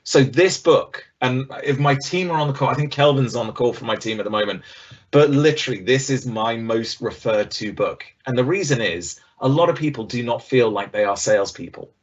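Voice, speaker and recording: A middle-aged man giving an online business presentation over a video call, conversational and lively, acting out the voices he quotes. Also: mid-range voice, fairly quick, highs cut off.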